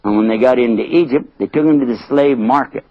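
A man telling a story to an audience in a lively way, acting out the voices and chuckling often. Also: mid-range voice, quick pace, no room sound, muffled recording.

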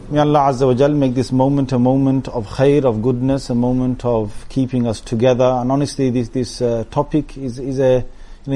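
A man giving an Islamic talk to a gathering, speaking casually and with humor, often breaking into lively impressions. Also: medium pitch, slight background noise. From Britain. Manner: animated, mimics shouting preachers with humor; melodic chanted recitation. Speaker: preacher. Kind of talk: Islamic talk with Quran recitation.

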